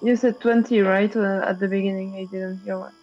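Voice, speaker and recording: A woman's voice: mid-range voice, fairly even intonation, fairly quick, muffled recording, soft background music. A woman playing a tabletop game, asking hesitant, trailing questions. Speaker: player. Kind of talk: casual tabletop roleplay.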